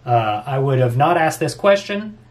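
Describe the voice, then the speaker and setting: A man in his twenties reading viewer comments aloud and answering them with quick jokes and frequent laughs, in a casual vlog. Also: mid-range voice, sing-song. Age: 20s. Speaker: YouTuber answering fan questions.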